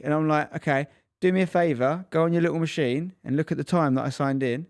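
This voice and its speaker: Fast-talking dad storyteller. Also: male voice, fairly high pitch, clean tone, no echo, studio quality. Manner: animated storyteller acting out quotes. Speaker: podcast co-host, dad. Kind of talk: casual chat.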